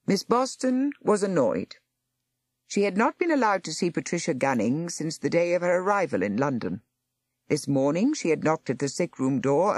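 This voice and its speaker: A woman narrating a story aloud in an expressive storytelling manner. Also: fairly low pitch, dry recording, studio quality. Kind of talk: audiobook narration.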